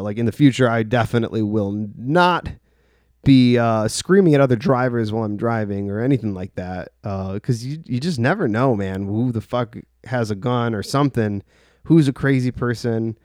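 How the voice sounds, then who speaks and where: A man's voice: medium pitch, normal speed, a little mellow, dry recording, clean studio sound. A young man telling a personal story in a casual, rambling way, full of filler words and swearing. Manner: rambling, heavy use of "like", profane.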